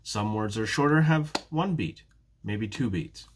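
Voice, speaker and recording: A male English teacher giving a prerecorded beginner lesson, speaking slowly and carefully and repeating words for his students. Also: on the low side, expressive. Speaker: ESL teacher.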